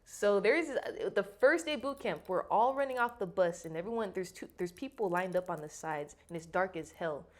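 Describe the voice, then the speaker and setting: A woman from Arizona chats as a podcast guest. Her pitch swings widely as she tells stories in a loose, animated way, with swear words all through. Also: normal speed, few pauses. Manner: animated storytelling, heavy swearing. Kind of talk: casual chat.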